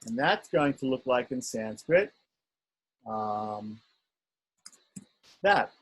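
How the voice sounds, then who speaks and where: A man's voice: mid-range voice, expressive, very slow, a bit bright, slightly rough, rough recording. A man teaching an online script lesson, patiently sounding out letters and often checking in with his students.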